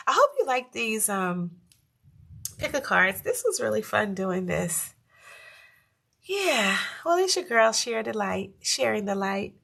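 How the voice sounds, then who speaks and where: Woman, tarot reader, casual and playful, slightly high voice, roomy echo, a little off-mic. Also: vocal fry, a bit bright, distant mic. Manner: chatty and playful, talks to the cards. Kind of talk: casual tarot reading to camera. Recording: roomy sound, set back from the mic.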